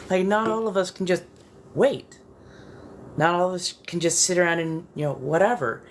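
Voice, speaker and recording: A woman's voice: fairly low pitch, normal speed, long pauses, a little hiss or hum. A tired woman who is just waking up, chatting bluntly and casually on a body-doubling livestream and swearing freely. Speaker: livestream host.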